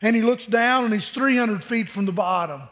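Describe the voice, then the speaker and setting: A very high-pitched man preaches in a plain, conversational way, circling back on his words as he builds each point. His voice rings out with a long hall reverb from a large worship space. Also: moderate pace, fairly bright tone. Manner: earnest, conversational preaching with frequent repeated words. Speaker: pastor. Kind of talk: sermon.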